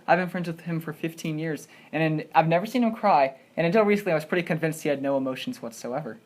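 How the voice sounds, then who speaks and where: A woman's voice: deep voice, quick pace, a little mellow. A woman hosting a student podcast, chatting casually and joking in a rambling, provoking way. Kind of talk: casual chat.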